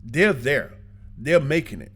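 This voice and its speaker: Animated man telling travel stories. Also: medium pitch, unhurried, breathy edge. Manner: animated, colloquial, laughs often, preachy asides. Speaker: vlogger giving travel advice. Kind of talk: casual storytelling monologue.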